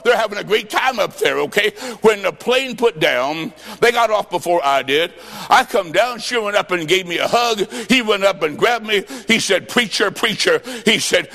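A man preaches with a high, gravelly voice, spinning folksy stories full of quoted dialogue and bursting into shouts now and then. His voice rings out with a long reverb in a large hall. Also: animated, moderate pace. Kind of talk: sermon.

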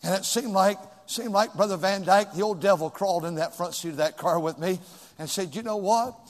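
A male pastor preaching a sermon in a church, swinging from shouts to hushed whispers. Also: sits high, fairly even intonation, a little fast, big-room sound.

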